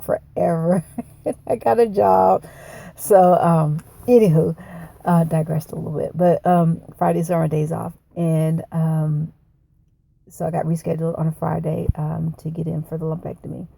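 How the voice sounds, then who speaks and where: A woman's voice: fairly low pitch, creaky, mellow. A middle-aged woman recording a personal video journal, telling her story in a rambling, emotional way. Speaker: video diarist.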